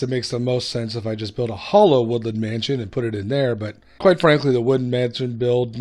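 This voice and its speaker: A man's voice: medium pitch, darkish tone. A man hosting a gaming video, giving casual gameplay commentary in a chatty, self-mocking way. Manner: chatty, self-mocking, hums and laughs to himself.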